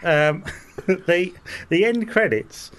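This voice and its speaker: A man co-hosting a podcast, speaking in relaxed, wry casual chat with some hesitations. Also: high voice, takes it slowly. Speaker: podcast co-host.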